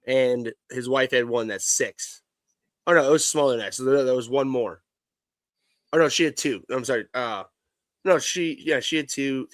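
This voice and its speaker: A man's voice: medium pitch, no room sound. A man in his thirties, co-hosting a live sports stream, telling stories in a rambling way with many restarts. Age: 30s. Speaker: co-host. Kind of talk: casual live-stream banter.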